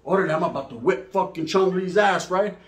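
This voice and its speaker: Middle-aged guy telling a wild street story, cussing, tossing in spanish slang, kinda high voice. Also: brisk. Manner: profane, streetwise, salts talk with Spanish slang; says "right?" and "you know what I mean?" often. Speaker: channel host telling a story. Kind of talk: casual storytelling monologue.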